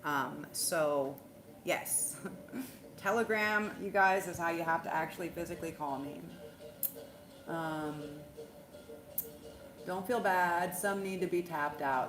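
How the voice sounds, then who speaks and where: A woman hosting a spiritual livestream in casual chat, rambling and animated, swearing freely and laughing often. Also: on the low side, moderate pace. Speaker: spiritual livestream host, tarot reader. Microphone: phone. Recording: roomy echo, faint background hum.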